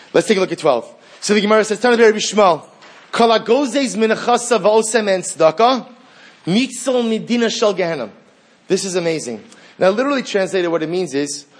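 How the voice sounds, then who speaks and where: A man giving a Torah class lecture, asking rhetorical questions, repeating phrases for emphasis and mixing Hebrew and Aramaic terms into English. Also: high voice. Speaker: Torah teacher.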